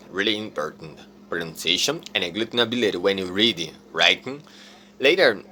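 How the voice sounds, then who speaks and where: Bright-voiced man teaching phrases. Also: lowish voice, a little hiss or hum. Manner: repeats example phrases slowly and deliberately. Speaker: English teacher. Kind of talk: casual video lesson.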